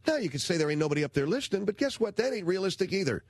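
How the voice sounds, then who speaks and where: A man's voice: high voice, very animated, racing, few pauses, dry recording. Blunt slangy man ranting on radio. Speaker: radio talk show host.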